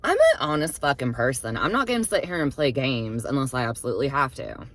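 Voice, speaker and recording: A young woman with a low voice tells a story to camera, leaning hard on her words and swearing freely. Her pitch swings widely as she retells it. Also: big pitch swings, brisk, hardly any pauses. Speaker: vlogger. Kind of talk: casual storytime monologue.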